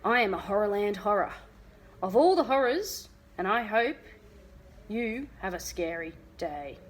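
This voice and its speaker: A woman reading aloud and voicing a gruff, creepily polite male monster in a costume. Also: high-pitched, animated, a little slow, slight background noise, poor audio.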